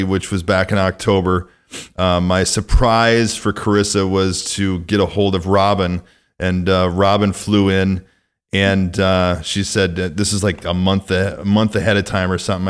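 A man's voice: low voice, fairly even intonation, normal speed, clean tone. A man hosting a casual conversation, easygoing, with frequent "uh" fillers. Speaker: podcast host.

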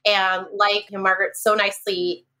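A woman hosting a casual interview, speaking warmly and encouraging her guest with generous praise. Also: medium pitch, level tone, moderate pace. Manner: warm, encouraging, gushing praise. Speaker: podcast host.

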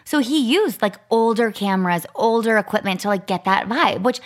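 Speaking at a moderate pace and a middle pitch, a thirtysomething co-host from Arizona spins a story on her podcast. Her talk is casual and lively, full of "like" and animated recaps.

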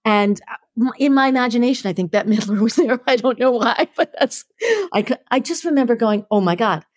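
A middle-aged woman, a podcast guest telling stories with lively energy and acting out the voices in them. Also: on the high side, a little fast, no echo, studio quality. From New York. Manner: lively, acts out the voices in her stories, laughs often. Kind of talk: animated storytelling.

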